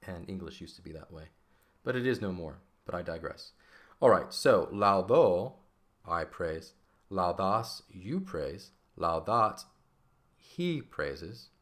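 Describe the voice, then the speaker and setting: A man teaching a grammar lesson over a shared screen, relaxed and conversational, often checking in with "right?". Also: deep voice, slow pace. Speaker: Latin teacher.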